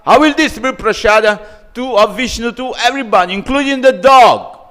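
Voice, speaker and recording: A man's voice: very high voice, brisk, fairly bright tone, in a large hall, voice pushed up. A man voicing an indignant goddess wife who complains and demands her share, in a raised pleading tone. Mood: angry.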